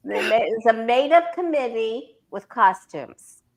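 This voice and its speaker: A woman joins a tarot reading as a guest and trades wry, chatty remarks with the host. Her voice sits a little higher than most women's. She keeps it loose and conversational. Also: animated, unhurried. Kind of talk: casual chat.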